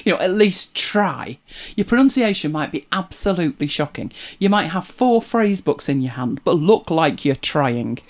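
Reading out comments on a casual live stream, a woman from Britain rambles at a moderate pace with few pauses. Her intonation is lively and rises and falls, and she hums as she scrolls and chuckles readily.

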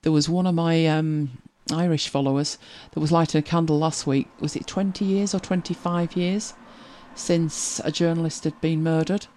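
A woman hosting a casual livestream, chatting and telling wry anecdotes as she reads viewer comments. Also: moderate pace. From Britain. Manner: chatty, wry storytelling with lively pitch swings. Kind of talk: casual chat.

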